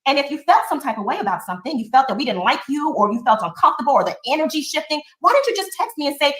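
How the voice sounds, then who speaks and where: Fast, high-pitched shaky woman in an echoey room. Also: animated, a bit bright. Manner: pleading, emotional, rapid. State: shaky, recovering from laryngitis. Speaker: show host. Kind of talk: heated live-stream argument.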